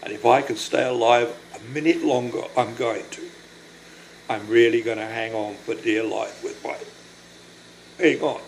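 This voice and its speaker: Halting, emotional older man with gravelly voice. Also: mid-range voice, steady tone, slight background noise, low-quality recording. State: breathless from lung illness. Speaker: vlogger. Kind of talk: personal video diary.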